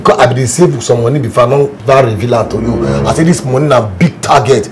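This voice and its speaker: A man's voice: medium pitch, brisk. Lamenting man with Nigerian Pidgin accent. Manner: lamenting, animated storytelling in Pidgin. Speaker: comedic sketch actor. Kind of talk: comedic sketch acting. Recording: music under the dialogue.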